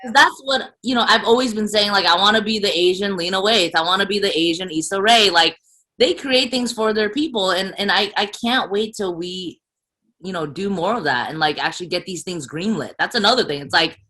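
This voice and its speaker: Young american actress on a video call, bright voice, animated, tons of "like" and "you know". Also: female voice, medium pitch, a little fast. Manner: animated, emphatic, rambling with many fillers. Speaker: actress guest. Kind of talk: casual video call conversation.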